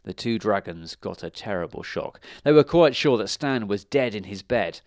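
Animated man reading a children's book. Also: on the low side, moderate pace, no room sound, clean studio sound. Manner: expressive, animated read-aloud. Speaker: reader. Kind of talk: reading a children's storybook aloud.

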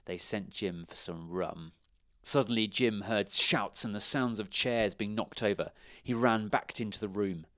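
A man reading a children's storybook aloud in a measured, expressive way. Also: lowish voice, no room sound, studio quality.

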